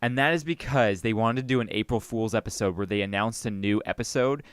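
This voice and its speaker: A man's voice: on the low side, brisk, clean tone, no room sound. A young man hosting a podcast, chatting casually and enthusiastically, laughing often. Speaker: podcast host. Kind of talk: casual chat.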